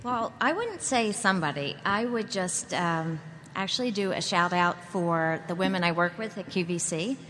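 A woman's voice: on the low side, lively intonation, moderate pace, a bit bright. A woman speaking on a panel in an earnest, heartfelt way. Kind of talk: panel discussion. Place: conference hall. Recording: reverberant hall, faint noise.

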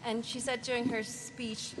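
A woman on a panel telling a story with lively admiration. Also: fairly high pitch, a little slow. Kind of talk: panel discussion. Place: conference hall. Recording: reverberant hall, audible noise.

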